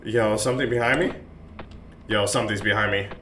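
A man's voice: fairly low pitch, fairly even intonation, brisk, a bit bright. A young man giving panicky, jumpy commentary while playing a horror game and talking to himself. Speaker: gaming YouTuber. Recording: roomy, distant mic, faint hiss.

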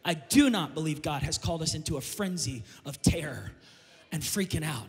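A man preaching a sermon as pastor, impassioned and building to shouted climaxes. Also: a little high, expressive, normal speed. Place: church sanctuary. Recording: long reverb of a church hall.

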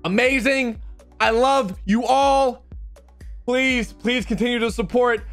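A man giving live commentary over his own video game match, excitable and talking straight at the game as he plays. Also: very high-pitched, slow, soft background music. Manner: excitable, talks and pleads at the game.

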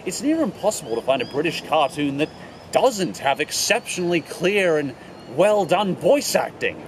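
A man hosting a comedic cartoon review with a sarcastic, animated delivery. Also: a little high, moderate pace, slight background noise. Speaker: host.

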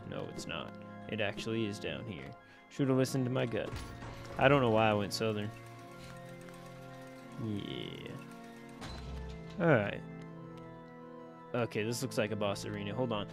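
A man giving casual gameplay commentary into his desk mic, chatty and quick to exclaim, talking back to the enemies on screen. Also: on the low side. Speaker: let's play gamer. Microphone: personal desk mic.

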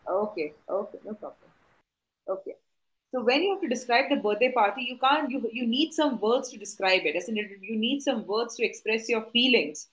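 A woman's voice: fairly high pitch, animated, moderate pace, fairly bright tone, reverberant, poor audio. A woman teaching a live online class, coaxing answers with repeated questions and tag questions.

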